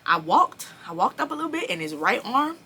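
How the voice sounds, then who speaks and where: A young woman telling a storytime vlog, animated and profane, speaking straight to her viewers. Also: fairly high pitch, a little fast, slight background noise. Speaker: vlogger.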